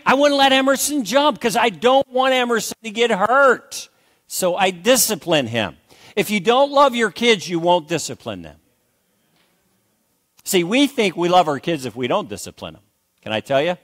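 A man's voice: high-pitched, very animated, moderate pace, a bit bright. An older man preaching a sermon as pastor, emphatic, repeating phrases and calling for amens.

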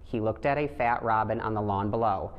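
Deep-voiced man reading a picture book. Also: a little fast, highs cut off. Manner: gentle, steady storytelling with light voices for the animals. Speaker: storybook reader. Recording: long hall reverb.

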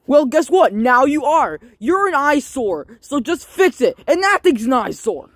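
A woman's voice: sits high, very animated, measured pace, dry recording, clean studio sound. A woman voicing a nagging, bossy male landlord in a homemade plush toy skit.

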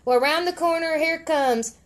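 A woman's voice: high voice, normal speed. A middle-aged woman reading a storybook aloud on a podcast in a casual, meandering way, hesitant and full of fillers. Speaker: podcast guest reader.

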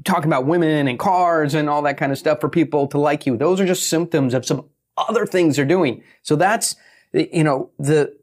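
A man who is a guest on an interview show, telling lively stories and acting out what others said. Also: fairly high pitch. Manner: animated, acts out quotes. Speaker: guest, pitching author. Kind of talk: storytelling interview talk.

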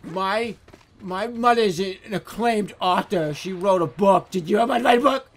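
A man voicing a whiny, bratty young male character in a shrill, whining voice. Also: a little slow.

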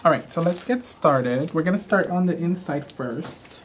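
A man's voice: fairly high pitch, expressive, normal speed, a little hiss or hum. A man hosting a live craft show, walking through products in a gushing, chatty way with frequent "um" fillers.

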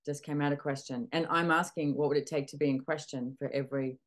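A middle-aged woman hosting a casual coaching talk, animated, acting out little dialogues and swearing freely. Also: deep voice, quick pace. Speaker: podcast host and facilitator.

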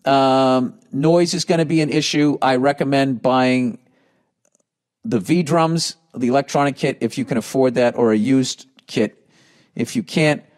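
A middle-aged man with a Boston accent hosting a podcast, reading listener emails aloud and answering with sarcastic, profanity-heavy rants that swing from mocking high jabs to low grumbling. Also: a little slow. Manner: sarcastic, swears heavily, swings between mocking highs and grumbling lows. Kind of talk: profane comedic podcast rant.

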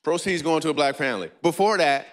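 Playful man doing stand-up. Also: fast talker. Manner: playful, riffing with the audience, breaks into squeaky and goofy voices. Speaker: comedian. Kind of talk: stand-up comedy set in a church. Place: church stage before a live audience.

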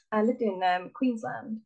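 An English woman chatting on a podcast as a guest author. She talks in a relaxed, hesitant way, dotting her sentences with ums. She laughs easily as she goes. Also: a little high, slow pace, creaky, highs cut off. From England. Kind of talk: casual podcast chat.

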